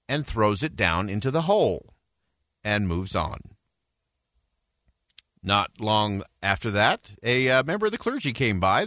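A man's voice: medium pitch, pushed and bright, no echo. A male radio host giving an earnest, reflective closing commentary and telling a story in a studio.

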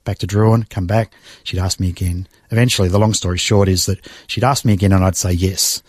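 A middle-aged Australian man with a fairly low voice recounts his past with open emotion, sighing and pausing between thoughts. The sound is close and dry, with almost no room around him. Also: steady tone, a little mellow, husky, dry recording. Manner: emotional, reflective storytelling with sighs and pauses. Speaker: guest. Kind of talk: personal testimony in conversation.

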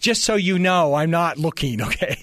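A man's voice: on the high side, lively intonation, normal speed, a bit bright, no echo. Man author with restarts, dry studio sound. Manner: stammering restarts, acts out quoted voices. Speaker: author guest. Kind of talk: interview, animated storytelling.

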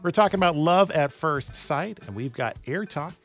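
A man hosting a radio call-in show, moving briskly between callers. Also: fairly high pitch, lively intonation, faint music behind. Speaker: radio host. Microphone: studio microphone.

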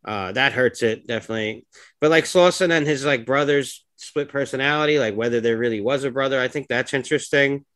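A man's voice: mid-range voice, brisk, a bit bright. A man co-hosting a podcast in casual chat, hesitant and searching for words. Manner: hesitant, many fillers and restarts. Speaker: podcast co-host.

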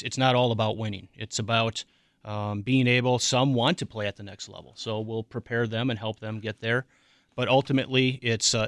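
A middle-aged man, a youth softball coach speaking as a radio guest, hesitant with many ums. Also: mid-range voice, smooth, no echo, clean studio sound. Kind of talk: casual radio interview.

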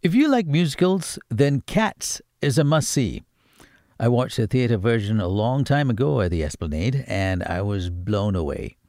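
A man's voice: medium pitch, expressive, normal speed, mellow, no room sound, clean studio sound. A man presenting film picks on the radio, playful and given to jokey asides. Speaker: radio movie reviewer. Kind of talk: radio film recommendations segment.

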